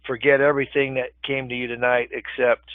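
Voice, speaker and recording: A man's voice: mid-range voice, little pitch movement, fairly quick, no echo. An older man teaching a live webinar in a conversational way, often checking in with the group. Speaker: real estate webinar instructor. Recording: tinny phone-line webinar audio, dry.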